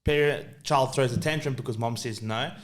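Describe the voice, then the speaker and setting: A man's voice: mid-range voice, normal speed. Chatty podcast man. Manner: chatty storyteller, agreeable. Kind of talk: casual chat.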